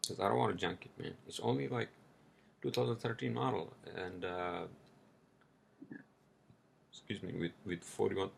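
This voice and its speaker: Solo podcast host, male, very low and gravelly, loose and rambling with frequent swearing, faint hiss behind. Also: steady tone, normal speed, long pauses. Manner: rambling, profane, heated when ranting. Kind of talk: casual solo podcast monologue.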